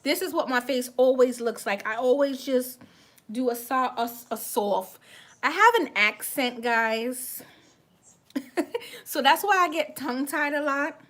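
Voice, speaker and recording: A high-pitched woman with a light West Indian accent talks through a makeup livestream in a loose, chatty way. She restarts words often and keeps thanking viewers by name. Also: measured pace, fairly bright tone. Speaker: beauty vlogger on a livestream. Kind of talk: casual livestream chat.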